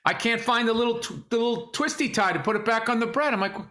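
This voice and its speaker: Bright, profane comedian man. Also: very high voice, fast talker, reverberant. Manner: profane, joking, ribbing his co-host. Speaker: podcast co-host. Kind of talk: casual comedic chat.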